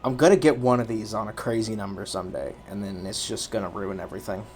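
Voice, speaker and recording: A man's voice: on the low side, steady tone, fast talker, a little mellow, a little hiss or hum. A man streaming and talking to himself in a casual, rambling way, tired and yawning, often restarting his sentences. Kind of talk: casual solo stream commentary.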